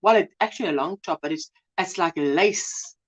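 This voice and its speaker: A South African woman hosting a casual crochet livestream, chatty and gushing as she greets viewers. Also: normal speed. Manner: chatty, gushing, lively swings in pitch. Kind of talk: casual live chat.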